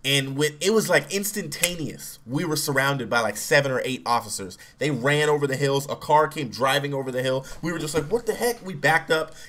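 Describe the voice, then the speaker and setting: A young man telling a personal story in a relaxed, casual way, acting out quotes loudly. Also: medium pitch, brisk, few pauses. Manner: relaxed, acts out quotes with raised voice.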